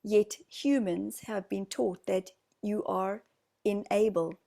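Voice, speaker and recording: A woman with a New Zealand accent leading a channeled group session, speaking slowly and formally as "we". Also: medium pitch, fairly even intonation, gravelly. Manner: slow, soft, formal speech speaking as "we".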